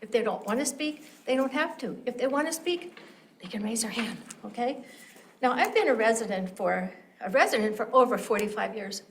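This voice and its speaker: A woman's voice: on the high side, expressive, a little fast, fairly bright tone, slight background noise. An older woman, a longtime township resident, delivering a pointed, complaining public comment and mimicking how others phrase things. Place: township meeting room.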